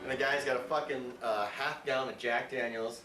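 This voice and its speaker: A man's voice: fairly even intonation, a little fast. A middle-aged man telling old stories to friends in casual chat, swearing and laughing. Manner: laughing, profane, acts out quotes in a high voice. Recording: echoey room with loud music.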